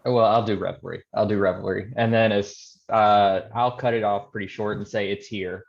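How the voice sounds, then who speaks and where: A man's voice: on the low side, steady tone, normal speed, gravelly. A man playing a tabletop game, speaking plainly and decisively. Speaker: player. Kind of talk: tabletop role-play. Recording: dull lo-fi mic.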